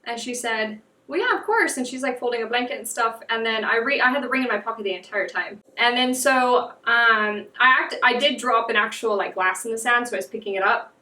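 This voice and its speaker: Young American woman guest, bright-toned, chatty storyteller, recorded off mic in a roomy space. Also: on the high side, fairly even intonation, brisk, hardly any pauses, recorded from a distance. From United States. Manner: chatty, lots of "like" fillers. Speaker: podcast guest. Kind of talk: casual chat, storytelling. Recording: echoey room, off mic.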